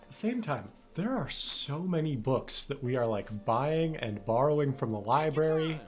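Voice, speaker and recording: A man's voice: mid-range voice, expressive, normal speed. A man streaming a video game live, chatting casually and reading the game's dialogue aloud. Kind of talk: casual let's play commentary. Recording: faint game music behind.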